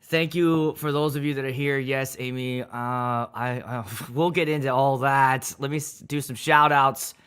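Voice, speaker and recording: A man's voice: medium pitch, fairly even intonation, a little slow, hardly any pauses, a bit bright, clear, resonant tone. A man hosting a casual livestream, talking loosely and energetically, greeting viewers and swearing freely. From Pittsburgh area. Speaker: wedding DJ and livestream host.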